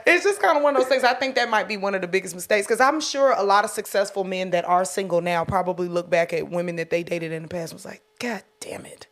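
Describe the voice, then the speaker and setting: A woman's voice: medium pitch, quick pace, few pauses. A woman co-hosting a podcast in candid, profane casual chat, laughing often. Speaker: podcast co-host. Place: podcast studio.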